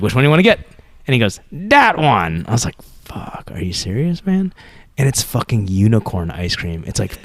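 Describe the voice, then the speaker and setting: A man in his thirties co-hosting a podcast, telling animated stories, swearing freely and acting out quotes. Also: on the low side, dry recording, clean studio sound. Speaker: podcast co-host. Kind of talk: casual chat.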